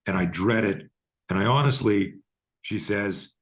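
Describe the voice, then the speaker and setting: A man's voice: low voice, a little slow. A man being interviewed, telling a vivid story with coarse language and acting out both sides of a conversation. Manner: profane, animated storyteller acting out dialogue. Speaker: guest, fear coach.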